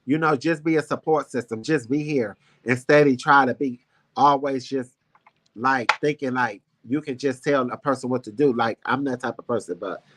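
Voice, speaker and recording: A man's voice: mid-range voice, normal speed, fairly bright tone. A man hosting a casual talk show, telling a personal story in a heartfelt, rambling, emphatic way. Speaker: show host.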